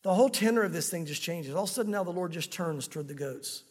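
Male pastor, very high voice, earnest sermon delivery with rhetorical questions, reverberant hall. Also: expressive, quick pace, darkish tone. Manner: earnest, speaks directly to listeners with rhetorical questions.

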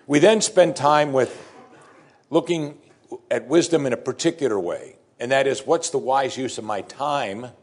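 A man delivers a sermon as a congregation's pastor. His voice is husky and mid-pitched, and he hammers home key phrases by repeating them with rising emphasis. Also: a little slow.

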